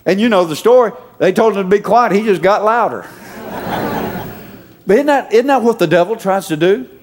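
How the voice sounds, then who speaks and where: High-voiced preaching man. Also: lively intonation, normal speed, background noise. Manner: preachy, calls out to the congregation with rising shouts. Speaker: pastor. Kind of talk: sermon.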